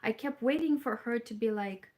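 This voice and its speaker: A woman's voice: a little high, darkish tone. A woman from Moldova hosting a casual knitting livestream. She chats with viewers, thinks aloud and laughs along the way. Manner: unhurried, chatty, thinking aloud with fillers and laughs. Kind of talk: casual livestream chat, reading viewer comments.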